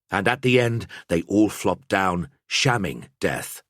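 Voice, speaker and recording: A man narrating an audiobook in a measured storytelling manner. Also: low-pitched, lively intonation, fairly bright tone, dry recording, clean studio sound.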